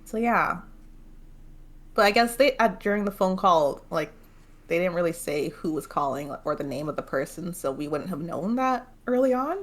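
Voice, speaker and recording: A young woman with a lowish voice hosts a relaxed book club chat. She rambles through the plot in a loose, easygoing way, laughing often and swearing freely. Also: moderate pace.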